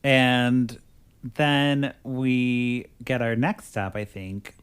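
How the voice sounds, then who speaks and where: A podcast host talks casually through a movie plot, his chatty delivery packed with "like." His voice is medium-pitched, clear and resonant, and he draws out his words.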